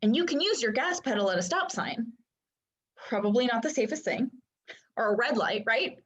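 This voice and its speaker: A woman's voice: on the high side, expressive, moderate pace, fairly bright tone, husky. A woman coach teaching in a casual, chatty way and often checking in with listeners. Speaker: Human Design coach. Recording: dull lo-fi sound.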